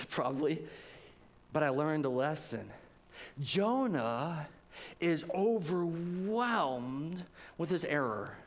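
A man preaching a sermon, telling personal stories in an animated way and swinging between loud and hushed delivery. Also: fairly high pitch. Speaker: pastor.

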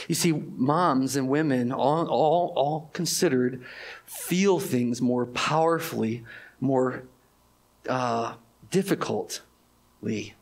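A pastor giving a conversational sermon to his church, moving between loud emphasis and hushed, drawn-out phrases. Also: on the high side.

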